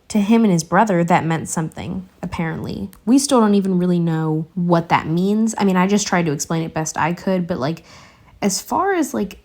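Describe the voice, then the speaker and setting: A woman's voice: on the low side, a little mellow. A young woman casually analyzing a TV show for her viewers, chatty and slangy, often going off on tangents. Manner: rambling, goes off on tangents. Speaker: YouTuber reviewing a TV show.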